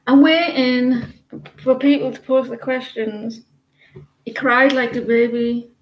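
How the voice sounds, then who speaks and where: A woman's voice: high-pitched, fairly even intonation, takes it slowly, echoey room, muffled recording, slight background noise. A British woman doing tarot readings and chatting in a rambling, gossipy way with lots of hesitations. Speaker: tarot reader. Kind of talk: casual live-stream chat.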